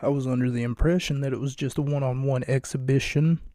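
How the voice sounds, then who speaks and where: A man hosting a casual solo wrestling podcast late at night, talking in a hushed, jokey, rambling way from a home recording space. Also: medium pitch, steady tone, fast talker, no room sound. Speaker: podcast host.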